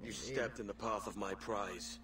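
A man's voice: lowish voice, unhurried, a crowd in the background, natural voice. A man playing a cold, dismissive pirate rival. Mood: contemptuous. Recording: distant game audio with hum.

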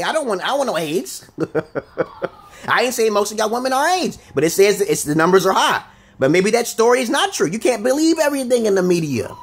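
A man from the United States delivers a rambling, confrontational monologue straight to his audience, swearing freely. His voice sits high for a man and has a husky, rough edge. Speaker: vlogger. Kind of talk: ranting monologue to camera.

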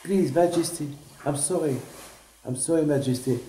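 A man's voice: on the high side, normal speed, dark tone, slight background noise, voice pushed up, lightly acted. A man voicing a frightened male shoemaker who begs an emperor for mercy. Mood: pleading. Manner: begging, apologetic. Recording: echoey room.

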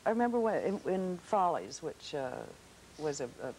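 A woman's voice: on the low side, moderate pace, rough recording. Woman actress telling stage stories, laughs a lot, faint hiss in the background. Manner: animated storytelling with frequent laughs. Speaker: actress and talk show guest. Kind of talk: casual chat. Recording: faint hiss on old TV audio.

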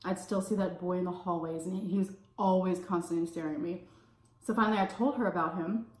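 A woman from California telling a casual story while eating, full of "like" fillers and pauses to savor her food. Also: on the low side, steady tone. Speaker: food vlogger. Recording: roomy echo.

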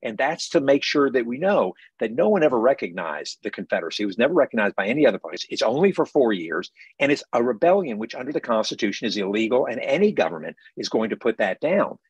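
A man's voice: medium pitch, very animated, quick pace, few pauses, slightly rough, dry recording, lo-fi sound. An author with a faded Southern accent, talking in an emphatic book festival interview over a video call and often restarting his words.

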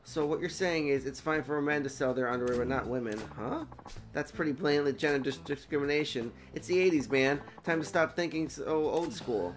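A man's voice: a little high, a little fast, soft background music, natural voice. A man voicing a cocky teenage girl who runs a shady shop, talking in a sassy, mocking way. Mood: smug.

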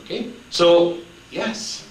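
A man's voice: sits high, fairly even intonation, extremely slow. A man giving a spiritual talk, telling stories in a conversational way with light humor. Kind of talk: storytelling talk on spiritual life. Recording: echoey room, mic at a distance, faint noise.

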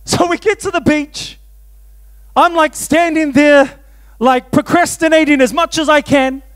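A pastor tells stories from the pulpit. He has a strikingly high voice for a man. He pokes fun at himself and laughs easily as he talks. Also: a little slow. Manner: animated, self-mocking, laughs often. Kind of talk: storytelling sermon.

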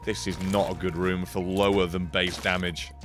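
A man giving casual live-stream commentary while he plays, excitable, swearing often and reacting loudly as he reads chat. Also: low-pitched, normal speed, music in the background. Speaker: game streamer.

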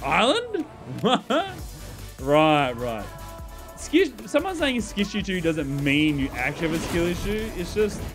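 A man's voice: a little high, fairly bright tone. A man streaming a video game live, bantering and joking with his chat in a sarcastic, playful way and laughing often.

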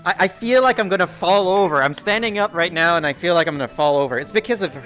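A man chatting excitedly while playing a social VR game, often laughing and shouting in alarm. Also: high voice, fast, faint music behind. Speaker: VRChat player and video host. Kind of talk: excitable gaming chat.

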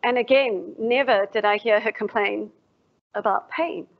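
Speaking a bit slowly in a creaky, medium-pitched voice, a female professor from South Africa gives a formal, reflective lecture and asks her listeners questions. It comes through as dull, lo-fi livestream sound.

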